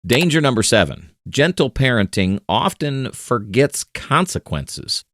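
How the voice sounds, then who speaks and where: A man's voice: mid-range voice, very animated, unhurried, a bit bright, no room sound, clean studio sound. A man giving scripted comedic narration in a wry, punchy way, with sarcastic asides. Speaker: explainer narrator.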